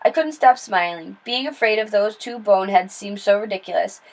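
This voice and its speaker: A woman reading a children's novel aloud in steady, plain storytelling with small slips and restarts. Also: mid-range voice, moderate pace, rough recording. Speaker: read-aloud narrator.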